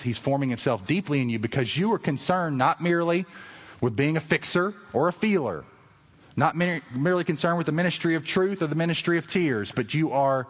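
Pastor guy preaching, earnest and building up loud in spots, mid pitch, big echoey church. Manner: earnest preaching that swells to emphatic highs. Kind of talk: sermon. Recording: long reverb of a large hall.

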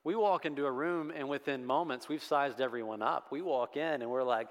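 A man's voice: mid-range voice, normal speed. A man preaching a sermon to a congregation, emphatic and building through repeated refrains. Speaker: pastor. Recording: long hall reverb.

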